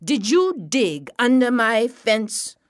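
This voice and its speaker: Woman doing a cranky man guarding his garden, shouting, lively pitch, told as a story. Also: slow, dry recording, studio quality. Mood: questioning. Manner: shouts repeated no's.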